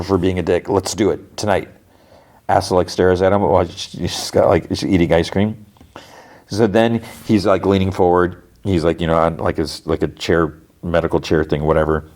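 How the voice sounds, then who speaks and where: A man's voice: sits low, darkish tone. A man hosting a podcast, casually recapping a TV episode, rambling with lots of "like" and retelling the dialogue scene by scene. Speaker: podcast host.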